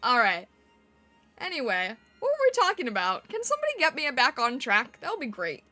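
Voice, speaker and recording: A woman streaming live, chatting casually with her chat, giggling often, her voice squeaking when she laughs or yells. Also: wildly swooping pitch, fairly quick, faint music behind.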